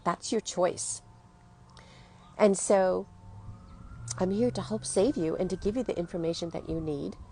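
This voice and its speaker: A health coach in her fifties gives a motivational monologue, speaking earnestly and emotionally right to her listeners. Her lowish, slightly mellow voice is a little slow with frequent pauses, and the recording carries a faint hiss or hum.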